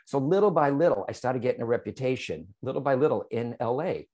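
A man who works as a psychic medium recounts his story to an interviewer, talking fast in a medium-pitched voice. He's animated and addresses the host directly, constantly checking in with "right?" and "okay?"

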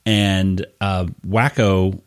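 A man with a fairly low voice talks through a comic in a loose podcast chat. He pauses often with fillers, then picks the thread back up. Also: level tone, smooth. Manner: hesitant, lots of fillers, reads out quotes. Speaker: podcast co-host. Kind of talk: casual chat reviewing a comic.

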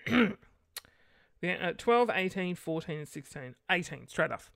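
A woman's voice: on the low side, expressive, normal speed, vocal fry, no room sound, studio quality. A woman hosting a casual solo podcast late at night, rambling and sarcastic, muttering curses under her breath. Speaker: podcast host.

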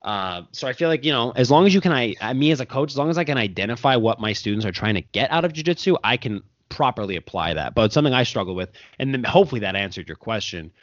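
Animated jiu-jitsu coach, lo-fi. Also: male voice, mid-range voice, fast, hardly any pauses, no echo. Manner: animated, rambling, self-correcting. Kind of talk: casual podcast chat. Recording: dull lo-fi podcast audio.

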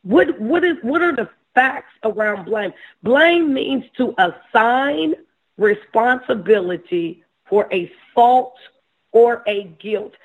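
A woman preacher giving a sermon, often repeating words and restarting her sentences, with soft laughs between points. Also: fairly high pitch, expressive, slow. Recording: tinny phone-like sound.

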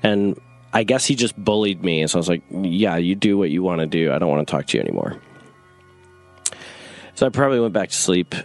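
A young man from North Carolina telling a rambling personal story in casual talk, filling it with "like" and acting out what others said. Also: sits low. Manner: rambling, frequent "like", acts out quoted voices. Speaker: guest storyteller.

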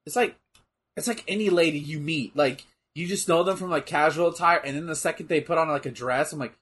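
A man chatting casually and reacting loudly to a wrestling match, laughing often. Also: on the high side, fairly quick. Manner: animated, laughs often, bursts into shouting. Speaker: co-host watching wrestling.

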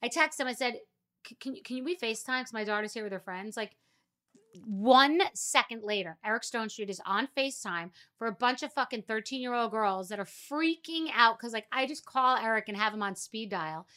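Bright-voiced blunt woman ranting. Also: a little high, expressive, brisk. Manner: blunt, profane, emphatic. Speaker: podcast host. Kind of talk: casual monologue.

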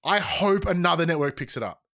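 Podcast host: man, higher register, excitable and animated, swears freely, frequent restarts. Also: fairly quick. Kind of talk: casual podcast chat.

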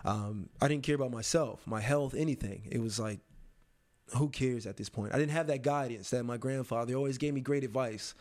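A young adult man in an interview, telling a personal story in a reflective, halting way with many pauses and restarts. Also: mid-range voice, darkish tone.

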